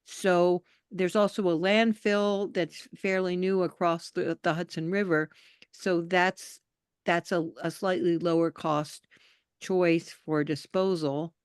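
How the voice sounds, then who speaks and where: A woman from New York state with a rather low voice, speaking up on a video call. She is chatty and animated, dropping into quiet asides, and the sound is close and dry with no room echo. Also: takes it slowly, clean tone. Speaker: call participant, activist. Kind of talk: casual video call conversation.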